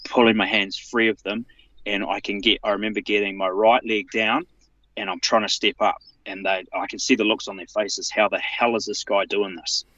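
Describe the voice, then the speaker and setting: A man, telling a personal account as a show guest in an emphatic, halting way, often restarting his sentences. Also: level tone, bright, forceful tone, no echo, lo-fi sound. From New Zealand. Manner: emphatic, halting with restarts, rising in pitch when retelling his protests.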